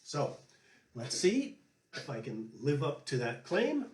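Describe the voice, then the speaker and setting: A man hosting, a flute player telling a relaxed story and giving music tips. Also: on the high side, slow pace. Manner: chatty, anecdotal, relaxed. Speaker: flute player and show host. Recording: echoey room.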